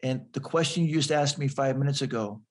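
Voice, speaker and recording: A man's voice: medium pitch, fairly quick. A man in an interview telling a personal story earnestly, often repeating words as he builds toward the point. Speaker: guest.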